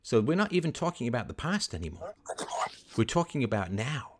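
A man hosting a call-in advice show, scripting a confrontation in forceful, indignant tones with rapid rhetorical questions and swearing. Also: medium pitch, very animated, background noise. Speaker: host.

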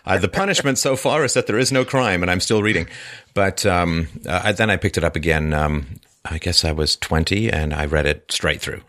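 A man hosting a casual literary discussion, rambling and animated, with frequent restarts and fillers. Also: very deep voice. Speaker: podcast host.

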